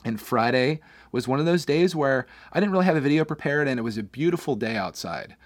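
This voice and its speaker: An adult father of a young son from Pennsylvania, USA, hosts his own casual podcast and speaks to viewers in a loose, candid, animated ramble at a brisk pace. His average-pitched voice is recorded close and dry in a studio. He keeps circling back and restarting sentences.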